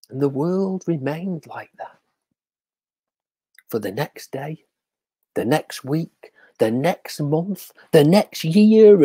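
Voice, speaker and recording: A storyteller telling a children's story on a livestream, drawing out repeated words and dropping into hushed whispers for suspense. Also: mid-range voice, breathy edge, no room sound. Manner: slow, drawn-out repetition for effect.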